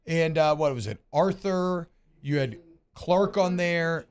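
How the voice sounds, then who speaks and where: Joking, fairly high-voiced radio co-host man. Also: smooth. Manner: animated, joking and quick to opine. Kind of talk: casual sports talk banter.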